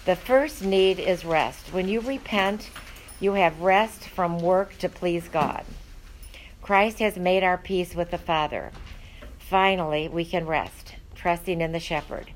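Low-voiced woman teaching a Bible study. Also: measured pace, slight background noise, poor audio. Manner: conversational and earnest, with frequent fillers.

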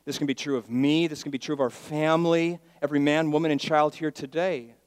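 Preaching a sermon with no echo in the recording, this Miami, Florida pastor has a smooth, higher voice with fairly even intonation and a brisk pace. He moves between hushed asides and loud declarations, drawing his congregation into call-and-response.

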